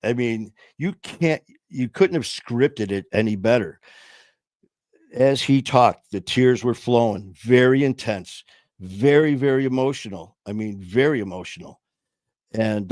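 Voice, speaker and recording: A man's voice: medium pitch, slow pace, darkish tone, dry recording. A man hosting a sobriety support livestream, telling a story to his viewers in a casual, earnest way, rambling with frequent restarts and fillers. He speaks from a small home studio.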